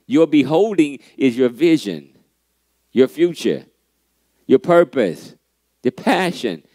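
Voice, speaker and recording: A man hosting a motivational church pep talk, animated and preachy, often saying "man" and repeating key lines for emphasis, with a playfully sarcastic edge. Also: medium pitch, slow, pauses often, dry recording.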